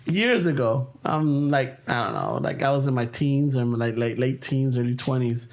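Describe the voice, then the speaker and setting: A man's voice: medium pitch, normal speed. A man, telling stories in a casual podcast chat. He swears freely and slips Spanish words in. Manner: profane, animated, mixes Spanish into English. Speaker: podcast co-host.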